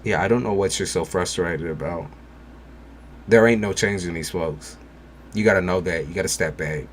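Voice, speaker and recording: A man's voice: low-pitched, normal speed, a little hiss or hum. A man giving a live-streamed tarot reading, talking bluntly and casually while reassuring the viewer. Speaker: tarot reader.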